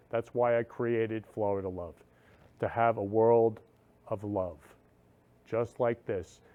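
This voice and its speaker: A man's voice: mid-range voice, narrow, tinny audio. A man hosting a talk show, speaking in an earnest, emotional monologue that keeps repeating itself. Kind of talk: heartfelt monologue.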